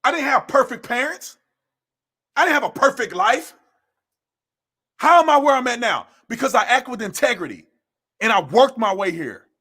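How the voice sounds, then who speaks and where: A man with a fairly high voice scolds his listeners in a blunt, impassioned monologue. He hammers each point home with a preacher's cadence, repeating phrases. He sounds like a young adult. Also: expressive, moderate pace, pauses often, sharp tone, breathy edge. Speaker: commentator hosting his own show.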